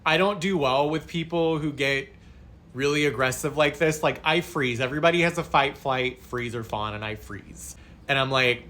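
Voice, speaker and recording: Animated man telling a story. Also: medium pitch, moderate pace, a little hiss or hum. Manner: animated, expressive retelling. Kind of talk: casual storytime vlog.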